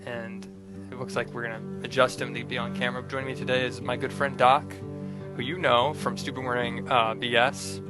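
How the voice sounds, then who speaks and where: A man's voice: mid-range voice, level tone, fairly quick. Easygoing male host, music behind. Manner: easygoing, self-deprecating. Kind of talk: casual stream chat.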